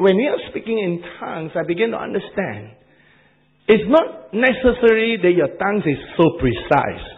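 Brief: Asian-accented male preacher, fairly high voice, lively sermon, dull archival recording. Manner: animated, repeats words, laughs at own jokes.

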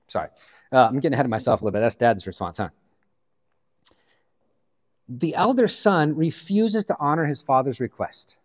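A man from the Pacific Northwest, a guest pastor, preaching a sermon in an animated storytelling way, with joking asides. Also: medium pitch, normal speed, pauses often, long reverb tail.

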